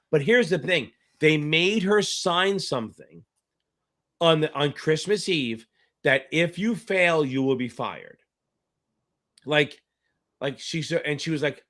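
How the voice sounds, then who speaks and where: A middle-aged man runs a casual live-stream Q&A as an exam tutor, his voice sitting a little high for a man. He rambles through stories in a loose, chatty way, with the odd curse word thrown in. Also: animated, normal speed, a bit bright.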